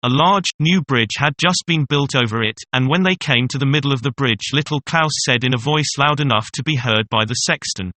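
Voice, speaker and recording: A man narrating a fairy tale in a measured, even storytelling manner. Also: mid-range voice, no room sound.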